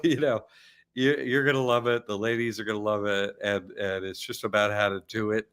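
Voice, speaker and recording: A man's voice: mid-range voice, flat delivery, measured pace, bright, forceful tone, clear, resonant tone. A man hosting an online academy show, chatting casually and rambling, often laughing. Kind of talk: casual chat.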